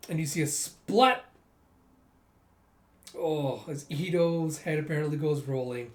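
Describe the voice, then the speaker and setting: Male comic reviewer, chatty casual recap, slightly high voice. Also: fairly even intonation, unhurried, long pauses, darkish tone, roomy sound. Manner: loose, chatty, reads dialogue aloud.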